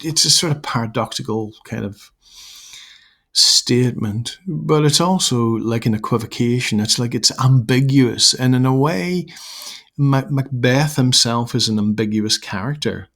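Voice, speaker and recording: A man with a croaky voice, teaching a recorded literature lesson and explaining with many fillers and restarts. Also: mid-range voice, fairly bright tone.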